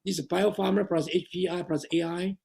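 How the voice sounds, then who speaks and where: A man's voice: high voice, steady tone, moderate pace, gravelly, darkish tone. A man lecturing at a seminar in a chatty way, often laughing and stumbling over his words.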